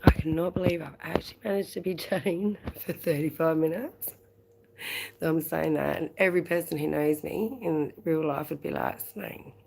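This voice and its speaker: Low gravelly Australian woman chatting. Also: steady tone, moderate pace, a little mellow, slight background noise. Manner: chatty and rambling, laughs often. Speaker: livestream host. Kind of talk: casual live-stream chat.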